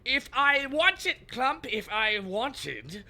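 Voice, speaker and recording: A man voicing a regal, pompous crocodile villain king in a theatrical, drawn-out manner. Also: very high-pitched, sing-song, pushed and bright, voice pushed up, exaggerated voice. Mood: haughty.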